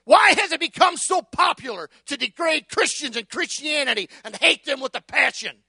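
Male preacher, very high, piercing, hollering a fiery sermon in long emphatic litanies, dry close sound. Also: expressive, normal speed, vocal fry, no echo. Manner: shouting, emphatic, building litanies; repeats words when starting a phrase.

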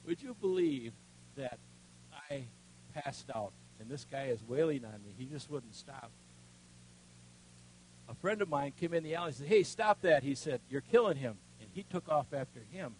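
An older man preaching, telling a personal story in a folksy way, dropping to a hush and then rising loud. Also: mid-range voice, animated, normal speed, slight background noise, poor audio. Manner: folksy storytelling with strong swings between hushed and loud. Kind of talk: sermon with personal testimony.

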